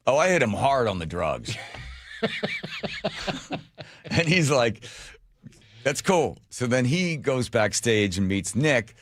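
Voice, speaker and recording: A middle-aged man hosting a radio show, telling a story in a casual, animated, self-mocking way. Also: mid-range voice, slow, long pauses. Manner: animated, self-mocking, laughs at his own stories. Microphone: studio microphone.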